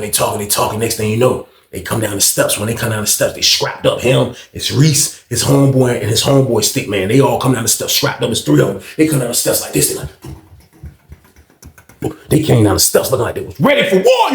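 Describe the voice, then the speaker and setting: Gravelly man telling a lively story. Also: mid-range voice, a little fast, roomy sound. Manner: animated, slangy retelling that acts out the voices of others. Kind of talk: casual storytime.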